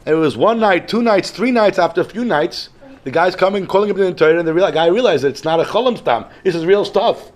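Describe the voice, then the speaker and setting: A man, a rabbi telling a story in a Torah lesson, animated, often repeating and restarting phrases. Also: sits high, fast. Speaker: rabbi teaching daily Talmud.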